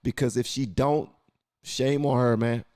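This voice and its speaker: A man's voice: mid-range voice, fairly even intonation, a little slow, darkish tone, dry recording, studio quality. A man hosting a reaction video, talking in a loose, colloquial way and often repeating himself. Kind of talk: casual reaction commentary.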